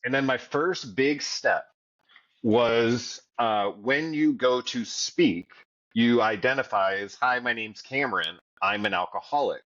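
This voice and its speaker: A man's voice: medium pitch, unhurried, fairly bright tone, highs cut off. A man co-hosting a podcast, telling his story of getting sober in a blunt, profane way. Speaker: podcast co-host. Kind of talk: candid recovery podcast conversation.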